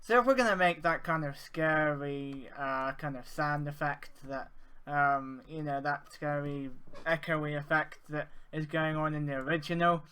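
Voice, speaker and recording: A man's voice: a little high, steady tone, measured pace, pushed and bright, smooth. A man teaching audio effects in an informal, hesitant way, with many fillers. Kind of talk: screen-share software tutorial.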